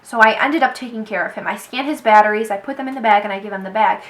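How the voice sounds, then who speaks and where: A young woman vlogger telling a personal story to the camera. She talks in an animated way and quotes people with "he's like.". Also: mid-range voice, fast talker, poor audio. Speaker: beauty vlogger. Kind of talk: storytime vlog.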